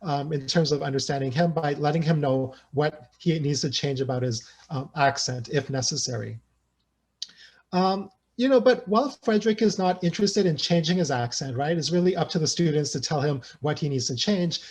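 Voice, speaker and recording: A man's voice: fairly high pitch, normal speed, a little mellow. A man giving an academic lecture at an online seminar, thinking aloud and often checking in with "right?" and "you know". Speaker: sociolinguistics researcher presenting a talk.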